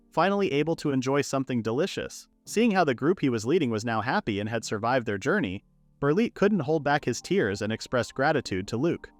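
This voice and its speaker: A man narrates a story recap in a steady, scripted read. His pitch moves up and down in a lively way. Soft music plays quietly underneath. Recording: narration with faint background music.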